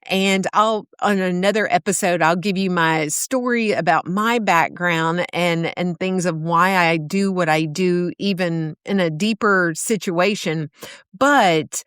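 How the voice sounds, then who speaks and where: A woman's voice: lowish voice, measured pace, clear, resonant tone, no room sound, clean studio sound. A middle-aged woman hosting a solo podcast, telling stories in an easy, meandering way with fillers and restarts. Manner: warm storytelling with fillers and restarts. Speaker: podcast host.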